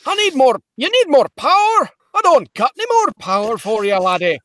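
A man putting on a Scottish accent, playing a ship's engineer who yells at his captain. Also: big pitch swings, moderate pace, dry recording, studio quality, exaggerated voice. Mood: exasperated. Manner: shouting, high and strained.

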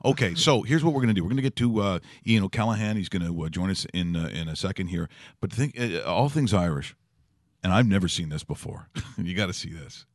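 A male sports talk host with a low voice, rambling through casual banter with plenty of fillers, restarts and easy laughs. He was recorded close and dry in a studio. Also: animated, brisk, no room sound.

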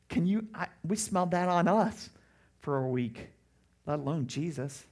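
Middle-aged man, pastor mid-sermon, raspy edge to a higher voice, lively and emphatic. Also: unhurried. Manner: animated, jumps into loud mocking voices.

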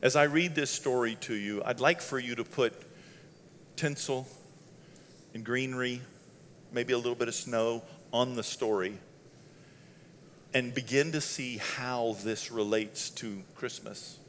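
A man preaching a sermon at a mid pitch, casual and conversational, with chuckles between phrases, then climbing to loud, fervent passages. His voice trails off into a long echo, like sound carried through a large hall. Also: steady tone, measured pace, long pauses, a little hiss or hum. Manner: conversational, laughs between lines, rises to loud shouting passages. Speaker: pastor.

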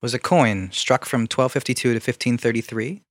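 A man's voice: medium pitch, normal speed, dry recording. Man reading out facts, dry sound. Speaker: podcast co-host. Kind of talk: casual chat.

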